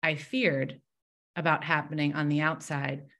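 A woman's voice: deep voice, little pitch movement, measured pace. A woman guesting on a podcast interview, telling her story in a candid, open way. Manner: warm, candid storytelling with fillers. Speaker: podcast guest, mindset mentor.

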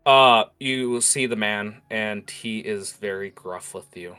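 A man's voice: lowish voice, flat delivery, a little slow, hardly any pauses, bright, forceful tone, clear, resonant tone, faint music behind. A man running a tabletop role-playing game, narrating loosely and peppering his speech with "uh" and "like". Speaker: game master.

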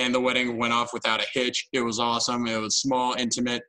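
A man's voice: medium pitch, monotone, fairly quick, few pauses, bright, forceful tone, poor audio. A young man co-hosting a podcast, telling a story in a casual, self-mocking way. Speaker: podcast co-host. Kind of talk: casual chat.

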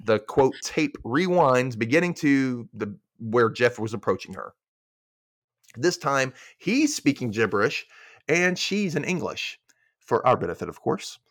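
A man's voice: mid-range voice, big pitch swings, unhurried, a bit bright, no room sound, studio quality. A male podcast host casually recapping a TV episode scene by scene, acting out the quoted lines.

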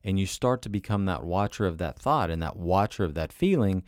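Deep-voiced man giving a self-help talk. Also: expressive, fairly quick, no echo, studio quality. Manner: conversational, repeats phrases, asks rhetorical questions; acts out inner voices in short quoted asides. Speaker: podcast host.

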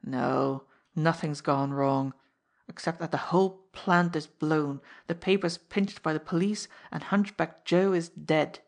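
A woman's voice: sits low, steady tone, vocal fry. A woman voicing a cool, contemptuous male gangster who speaks in a clipped, emphatic way. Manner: clipped, sharp, slow and emphatic.

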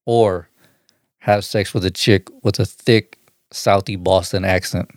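A man's voice: low-pitched, steady tone, measured pace, no echo, studio quality. A man co-hosting a crude, casual chat, swearing often and laughing at his own jokes. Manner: profane, laughs often, puts on silly accents. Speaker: podcast co-host.

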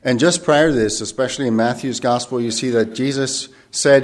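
A man preaching a sermon in a thoughtful, earnest way, pausing and rephrasing as he goes, and reading scripture aloud slowly and formally. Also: medium pitch.

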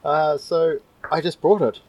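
A man's voice: fairly high pitch, fairly even intonation, measured pace, noisy background. A man co-hosting a casual podcast, joking and telling rambling stories. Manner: jokey, rambling storytelling. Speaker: podcast co-host. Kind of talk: casual chat.

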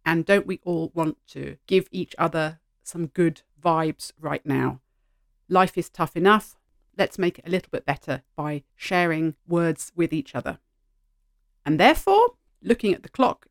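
A middle-aged woman hosting a solo podcast, talking in an animated, heartfelt way from behind a microphone at home. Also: sits low, creaky, dry recording, studio quality. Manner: animated, heartfelt, gently emotional. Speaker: podcast host. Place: sitting at home. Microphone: studio microphone.

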